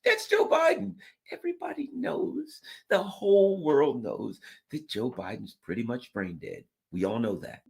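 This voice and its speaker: Animated man ranting with mocking put-on voices. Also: measured pace, vocal fry. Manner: mocking, does sarcastic put-on voices, jumps far up in pitch. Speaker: political commentator. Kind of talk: animated political rant.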